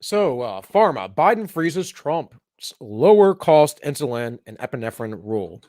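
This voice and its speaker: A man's voice: medium pitch, sing-song, unhurried, warm tone, no echo. Man, co-host, sarcastic, mocking, casual political banter, dry close sound. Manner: sarcastic, mocking, slips into mock voices. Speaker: co-host of a live talk show. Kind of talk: casual political banter, reading headlines aloud.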